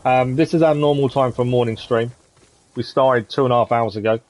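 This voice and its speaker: A man's voice: medium pitch, steady tone, fairly quick, a little mellow. A man hosting a live gaming stream, chatting casually with viewers and commenting on the game. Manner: chatty, friendly, reads chat aloud, says "to be fair" often.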